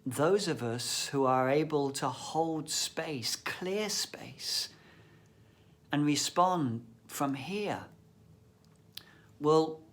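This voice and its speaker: A man giving a reflective thought-for-the-day talk, telling stories expressively and sometimes dropping to a whisper. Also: on the high side. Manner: slow, expressive storyteller, often drops to a whisper. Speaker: shamanic practitioner and storyteller.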